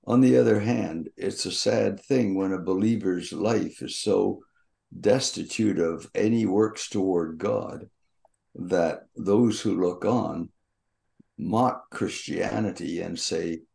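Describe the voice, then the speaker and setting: An older man on a Bible podcast, slowly teaching and reading scripture aloud in a measured way. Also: sits low, creaky, darkish tone.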